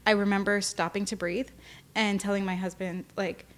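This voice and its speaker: A woman's voice: mid-range voice, flat delivery, normal speed, a bit bright. Young woman opening up on a podcast, gets teary, lots of um and like. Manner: emotional, tearful at times, lots of fillers. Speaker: podcast guest. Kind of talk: candid personal interview.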